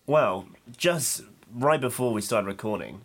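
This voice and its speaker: A man co-hosting a casual film podcast, speaking bluntly and deadpan, with casual swearing. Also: medium pitch, a little slow. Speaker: podcast co-host.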